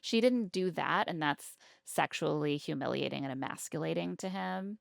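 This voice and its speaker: A woman with a low, gravelly voice talks through a show in a casual podcast chat. She slips into quick impressions of the people she recaps. Her voice sits close and dry on the mic. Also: no room sound. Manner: animated, acts out quotes of others. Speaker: podcast co-host.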